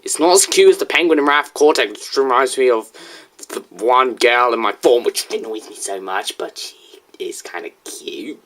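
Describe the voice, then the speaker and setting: Teen guy chatting about a racing game, voice jumps around a lot, quick chatty asides. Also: medium pitch, animated, fairly bright tone. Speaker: video game reviewer reacting to a reaction. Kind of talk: casual reaction commentary.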